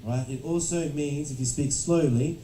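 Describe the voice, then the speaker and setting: Male teacher, instructive and repetitive, warm dark voice, recorded far off with faint room hum. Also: on the high side, normal speed. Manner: instructive, repeats "right?" to check understanding. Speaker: English test-prep teacher. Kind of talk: classroom lecture. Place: classroom. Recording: roomy classroom from a distance.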